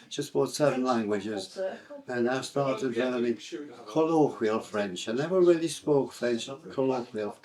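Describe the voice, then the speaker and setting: A man's voice: medium pitch, a little mellow. Older Sunderland man, rambling reminiscence. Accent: Sunderland English. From England. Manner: rambling, hesitant with many fillers and restarts. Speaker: interviewee. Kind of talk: recounting life story.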